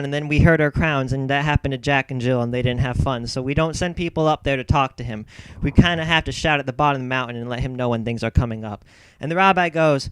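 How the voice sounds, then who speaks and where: A man's voice: mid-range voice, fast talker, clear, resonant tone, no echo. A young man telling a long comic story in a rambling way, full of asides and restarts. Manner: rambling, self-interrupting, deadpan asides. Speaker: comedic storyteller.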